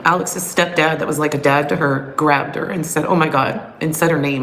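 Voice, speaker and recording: A middle-aged woman in her bedroom tells a painful story from her past, raw and emotional like a confession. Her deep, somewhat bright voice moves at normal speed with long pauses. The audio is poor, with slight background noise.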